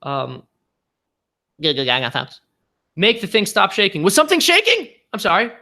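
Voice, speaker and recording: A man's voice: fairly high pitch, animated, moderate pace, creaky, pushed and bright. A man hosting a casual live stream, talking in a long-winded, rambling, self-deprecating way.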